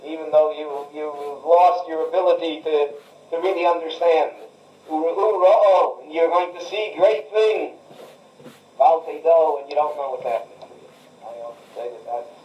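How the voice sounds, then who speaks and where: Older rabbi teaching, heard from afar. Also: male voice, a little high, dark tone. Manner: chants Hebrew phrases slowly, then explains them in a conversational tone. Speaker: rabbi teaching a Torah class. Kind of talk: Torah lecture, translating Hebrew verses line by line. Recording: roomy recording from a distance with faint hiss.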